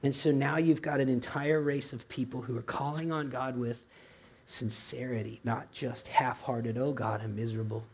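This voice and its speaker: A man's voice: mid-range voice, steady tone, normal speed, a little hiss or hum. A man preaching a sermon in a loose, conversational way, full of asides and rhetorical questions to his congregation. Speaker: pastor.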